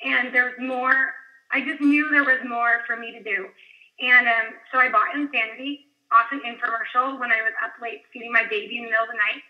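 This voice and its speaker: A woman's voice: a little high, steady tone, fairly quick. Scratchy-voiced woman on a phone line. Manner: candid, rambling. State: scratchy, strained voice. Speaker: guest speaker, fitness coach. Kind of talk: casual personal story on a call.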